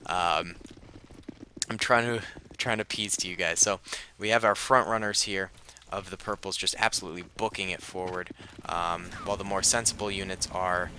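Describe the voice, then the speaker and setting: A young man hosting a gaming video, telling a story and then giving relaxed commentary with many fillers. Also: deep voice, normal speed, slight background noise. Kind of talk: scripted story narration and casual game commentary.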